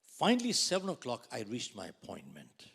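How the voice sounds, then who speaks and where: An older man gives a motivational speech. He tells his story with a gravelly voice and a lively, swinging pitch. He jumps from loud, emphatic lines to hushed asides. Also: normal speed. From India. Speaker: motivational speaker.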